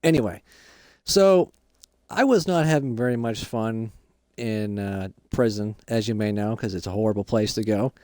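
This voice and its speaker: A man voicing a gruff middle-aged dad fresh out of prison, who tells his jail stories in a boastful, rambling way. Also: on the low side, normal speed, dark tone, no room sound, clean studio sound, pitched below the performer's own voice, lightly acted.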